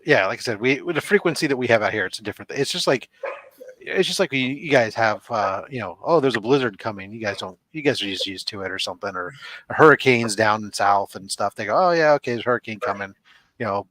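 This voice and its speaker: A man's voice: on the low side, quick pace, pushed and bright. A man hosting a casual online panel chat, rambling and explaining things at length with lots of asides. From California. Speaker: podcast host. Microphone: video call.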